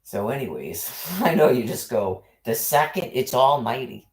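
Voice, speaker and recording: A man's voice: medium pitch, animated, normal speed, darkish tone. A man ranting into his livestream in an agitated monologue, cursing heavily and repeating himself as he piles up accusations.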